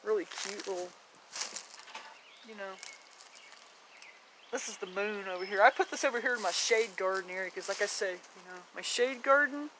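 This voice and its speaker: A woman's voice: medium pitch, sharp tone, a little hiss or hum. A woman giving a casual walking tour of her home garden, chatty and rambling, blunt, with mild swearing and frequent laughter.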